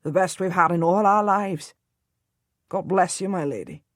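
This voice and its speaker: A woman's voice: lowish voice, normal speed, no echo, studio quality, lightly acted. Blacksmith, read by a woman: cheerful, thankful, plain-spoken. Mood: grateful. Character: grinning grateful village blacksmith man.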